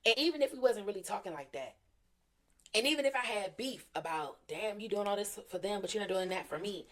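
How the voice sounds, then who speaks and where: A woman co-hosting a podcast in casual chat, telling a story with lively voices for each person in it. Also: medium pitch, a little fast. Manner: animated storyteller, acting out the people in her stories. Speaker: podcast co-host.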